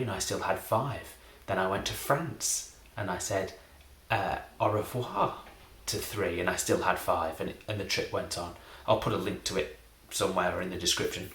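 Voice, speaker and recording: A man doing deadpan, self-mocking comic patter as a magician presenting a card trick. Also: low-pitched. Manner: dry, deadpan self-deprecating delivery. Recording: roomy echo.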